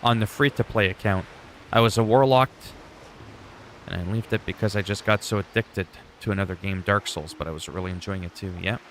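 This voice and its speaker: A man streaming a game, chatting casually and rambling as he thinks out loud. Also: on the low side, fairly quick, a little hiss or hum. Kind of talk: casual gameplay chat.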